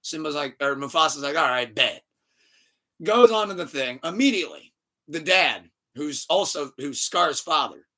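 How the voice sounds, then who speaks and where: A bright, forceful male voice pitched a bit high, hosting a casual podcast. He tells stories with animated energy and profanity, and laughs often. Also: moderate pace. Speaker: podcast host.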